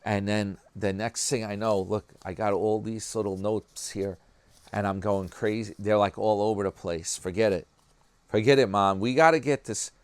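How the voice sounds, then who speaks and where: A man with a New York accent talks straight to his viewers in a loose, rambling commentary vlog, tossing in "man" and "guys" as he goes. His voice sits a little low, and the recording is close and dry with no room sound. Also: fairly even intonation, moderate pace, smooth, dry recording. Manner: chatty, rambling, peppers talk with "man" and "guys". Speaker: YouTube commentary vlogger.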